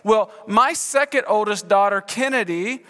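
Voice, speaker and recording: A middle-aged man preaching a sermon as pastor, shifting from hushed prayer to lively, expressive storytelling. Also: sits high, unhurried. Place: large church sanctuary. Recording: long hall reverb.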